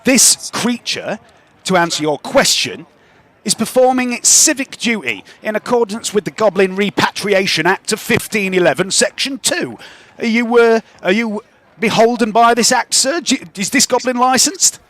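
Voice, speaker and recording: A man's voice: high voice, animated, moderate pace, fairly bright tone, voice pushed up. A man voicing a pompous, bigoted town guard who stammers and grovels with constant "sir"s. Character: pompous, bigoted male town guard, fawning when scared.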